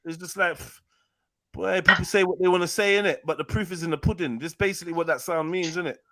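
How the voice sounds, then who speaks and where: A man's voice: sits high, fast, background noise. A man hosting a live panel, arguing heatedly, talking over the other caller and repeating himself. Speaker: live show host.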